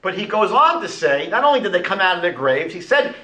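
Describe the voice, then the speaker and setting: A man giving a lecture as a rabbi, animated and rhetorical, retelling conversations. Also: sits high, brisk, reverberant, low-quality recording.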